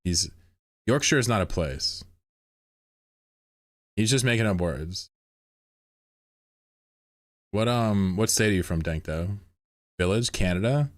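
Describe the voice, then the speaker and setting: Low, dry-voiced man ranting sarcastically. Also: lively intonation, slow pace, long pauses, no room sound. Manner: sarcastic, mock-indignant ranting. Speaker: game streamer. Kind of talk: casual livestream banter with chat.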